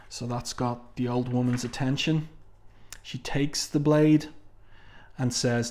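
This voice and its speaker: A man's voice: mid-range voice, fairly even intonation, slow, pauses often, darkish tone. A man talking casually through a comic book review, reading quotes from the panels aloud, with frequent fillers and asides.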